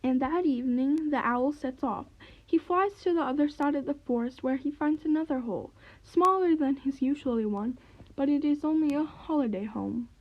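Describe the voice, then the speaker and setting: A woman reading a children's story aloud, gentle and clear. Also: high voice, moderate pace, highs cut off.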